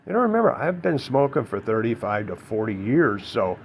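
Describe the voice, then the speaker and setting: A man's voice: mid-range voice, very animated, brisk, a little hiss or hum. A middle-aged man talking bluntly about quitting smoking in a casual personal vlog, rambling with lots of fillers and the odd swear. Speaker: former smoker giving advice.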